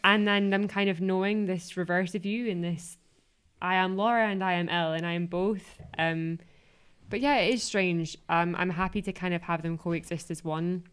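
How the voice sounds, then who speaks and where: Young woman, lowish pitch, lively storyteller who acts out what people said. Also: moderate pace, clean tone. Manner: chatty, animated storytelling with quoted voices. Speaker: podcast guest, actress. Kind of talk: casual chat.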